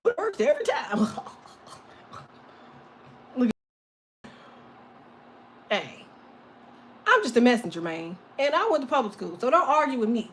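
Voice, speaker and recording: A woman's voice: high-pitched, a little hiss or hum. A woman reading tarot on a casual live stream, sassy and playful, laughing often and slipping into silly voices for imagined people. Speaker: tarot reader.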